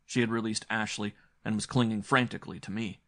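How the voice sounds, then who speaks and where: A man's voice: fairly low pitch, steady tone, fairly quick, bright, forceful tone. A man narrating a gothic horror story in the first person, grim and dramatic. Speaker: audiobook narrator.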